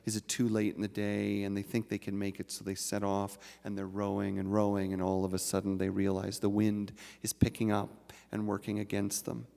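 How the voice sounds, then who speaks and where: A man giving a sermon at a spiritual center, measured and reflective, telling a folk tale. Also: on the low side, monotone, gravelly, mellow. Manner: slow, measured, reflective delivery. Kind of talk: sermon with storytelling. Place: large hall of a spiritual center. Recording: live talk with long hall reverb.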